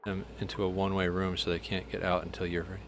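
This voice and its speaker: A man's voice: sits low, completely flat delivery, fast talker, a bit bright. A man streaming a game live, frustrated, swearing and repeating himself as he talks to his viewers. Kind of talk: live gameplay stream talk.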